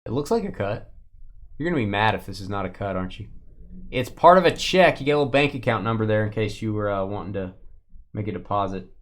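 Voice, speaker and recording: A man's voice: on the low side, animated, fast. A man hosting a live sports card break, chatting casually as he opens packs and answers comments from viewers. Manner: chatty, reacting to pulls and chat comments.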